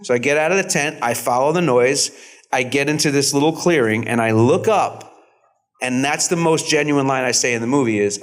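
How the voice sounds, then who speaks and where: A man in his fifties, an actor on a convention panel, telling stories in an animated, self-deprecating way. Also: mid-range voice. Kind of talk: storytelling panel talk.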